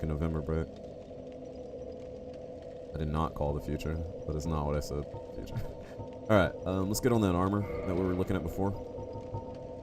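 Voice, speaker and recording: A man streaming a game live, chatting casually and joking with his viewers. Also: deep voice. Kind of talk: casual live-stream chat while playing.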